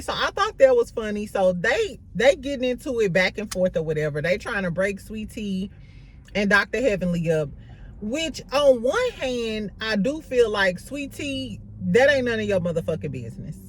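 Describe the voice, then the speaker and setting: A woman recapping a reality show in a casual, gossipy way, swearing freely and laughing as she tells it. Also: fairly high pitch. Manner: gossipy, profane, animated storytelling with laughs.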